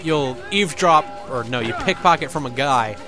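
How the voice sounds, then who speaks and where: A young man doing casual let's-play commentary, joking and swearing a lot, with animated outbursts. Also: mid-range voice, normal speed. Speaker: gameplay commentator. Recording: faint game music behind.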